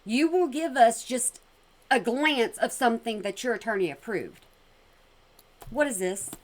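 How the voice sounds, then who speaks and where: Lively, higher-voiced woman; sassy, mocking commentary host. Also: unhurried. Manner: sassy, mocking, animated with sudden loud jumps. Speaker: commentary vlogger reacting to a clip. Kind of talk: casual commentary.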